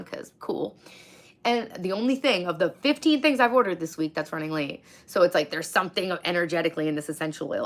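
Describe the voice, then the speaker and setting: A woman in her thirties talks straight into her phone on a live stream, her voice hoarse and rough with fry. She sits a touch low in pitch and rants bluntly, swearing freely as she reads and answers the chat. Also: fairly bright tone. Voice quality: gravelly. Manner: blunt, profane, ranting storyteller. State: hoarse, lost voice from screaming.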